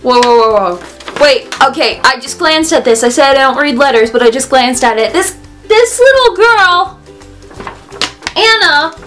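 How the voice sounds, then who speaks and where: A woman vlogger chatting casually while opening fan mail, gushing and excitable, with frequent gasps and little laughs. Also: high voice, unhurried, faint music behind. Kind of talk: casual vlog chat.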